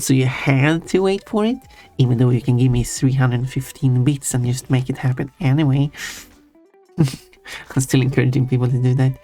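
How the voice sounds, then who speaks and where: A man streaming live, chatting casually and teasingly with his chat and chuckling often. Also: mid-range voice. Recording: faint music under voice. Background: soft background music.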